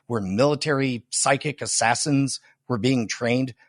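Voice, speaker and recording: A man's voice: mid-range voice, unhurried, no room sound. Brief: male podcast guest, dry close sound, casual chat with dramatic trailer-voice flourishes. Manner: dramatic movie-trailer delivery at times.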